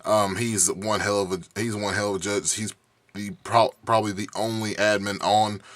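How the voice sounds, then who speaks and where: A man's voice: on the low side, a bit bright, no echo. Rambling young man with a cough. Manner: heated, rambling, profane, many restarts and fillers. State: bad cough. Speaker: YouTube vlogger. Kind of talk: casual rant.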